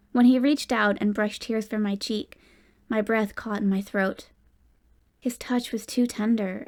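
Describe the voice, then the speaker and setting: A woman reading a first-person audiobook in a steady, expressive narration. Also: mid-range voice.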